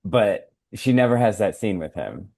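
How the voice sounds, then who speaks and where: Podcast co-host, male, very low voice, loose filler-heavy recap delivery. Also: expressive, moderate pace, gravelly, a little mellow, no room sound, clean studio sound. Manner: rambling recap with many fillers. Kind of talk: casual podcast chat.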